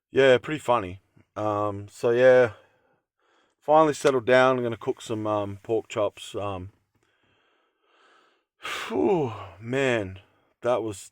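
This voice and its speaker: A man's voice: medium pitch, smooth, dry recording. Rambling man vlogging from his van. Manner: rambling, lots of fillers and restarts. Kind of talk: casual vlog talk to camera. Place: inside his camper van.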